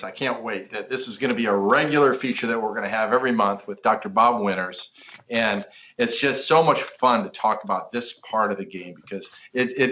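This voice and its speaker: A man's voice: lowish voice, fairly bright tone, lo-fi sound, slight background noise. A man hosting a podcast, talking enthusiastically with some rambling restarts. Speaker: podcast host. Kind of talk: casual podcast talk.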